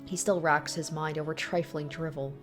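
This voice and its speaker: A woman reading aloud the lines of a mysterious female witch in a visual novel, calm and faintly mocking. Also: low voice, moderate pace, over music, voice pushed down, close to an everyday voice. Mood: cool, mocking.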